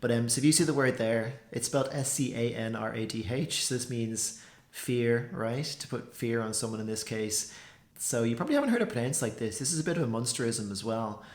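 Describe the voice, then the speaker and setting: A man talks through a language lesson in a relaxed, rambling way, dropping "like" and "so" into nearly every sentence. His voice sits at an ordinary middle pitch. The room around him gives it a noticeable echo. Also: fairly quick. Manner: chatty, loose, full of "like" and "so" fillers. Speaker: language teacher. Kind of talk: casual explanatory lesson.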